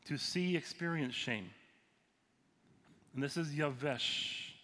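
A man's voice: a little high, takes it slowly, sharp tone. A man who is a pastor and counselor, teaching a sermon in a conversational way and asking his audience questions. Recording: long hall reverb, faint noise.

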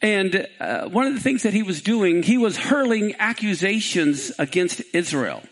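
A man preaching a sermon, retelling the scripture story with animation and then dropping into a lower, conversational tone for commentary. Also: expressive, moderate pace. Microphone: live-streamed.

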